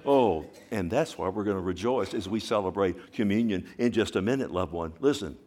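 A man preaching a sermon at a church service, with emphatic bursts, quiet slowed stretches and repeated questions to the congregation. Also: lowish voice. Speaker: pastor.

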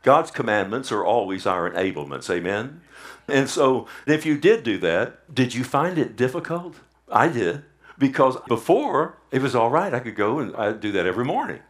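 A man's voice: medium pitch, big pitch swings, moderate pace. A male pastor preaching a Sunday sermon in a church service, often asking his congregation "amen?". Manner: preaching with frequent "amen?" call-outs.

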